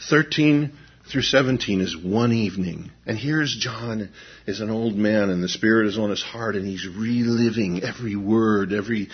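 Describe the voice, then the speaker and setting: A husky, low-voiced male pastor in his fifties delivers a sermon, dropping to near-hushed intensity and then lifting into animated storytelling. The recording sounds dull and lo-fi. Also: normal speed. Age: 50s.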